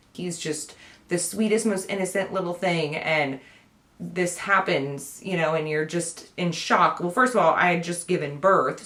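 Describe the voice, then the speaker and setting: A woman's voice: lowish voice, fairly bright tone. A young woman, giving a chatty, emotional personal update to her viewers. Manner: chatty, emotional, tearful at times. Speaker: vlogger. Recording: echoey room.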